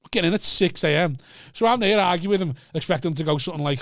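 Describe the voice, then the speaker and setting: A young man, telling a sweary, animated story in casual podcast chat. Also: a little high, rapid-fire, no room sound, clean studio sound. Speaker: podcast co-host.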